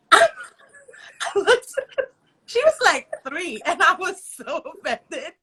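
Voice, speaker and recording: Bright, expressive woman guest. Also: extremely high pitch, slow pace. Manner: expressive, acts out quotes in stories. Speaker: guest, model and stylist. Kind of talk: casual chat.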